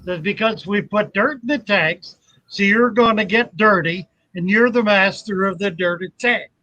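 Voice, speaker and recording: A man's voice: high voice, normal speed, bright, forceful tone, no echo, muffled recording. A man hosting a casual livestream from his fish shop, easygoing and chatty. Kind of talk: casual chat.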